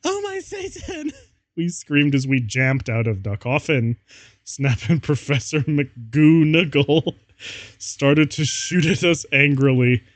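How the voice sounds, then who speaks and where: A male streamer reads fan fiction aloud at an unhurried pace, breaking into laughter again and again. His voice is mid-pitched and sits close and dry, with no room sound around it. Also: no echo. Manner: amused, laughs often while reading.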